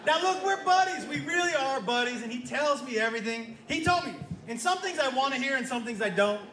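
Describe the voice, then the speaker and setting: A man doing stand-up comedy, telling an animated story and playing both sides of the dialogue. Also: extremely high pitch, a little fast, slight background noise. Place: comedy club stage with live audience. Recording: live club room echo with crowd laughter.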